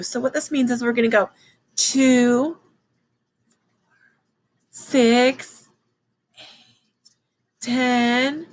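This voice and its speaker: A woman teaching a children's math lesson, excited and encouraging as she counts along with her class. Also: a little high, poor audio.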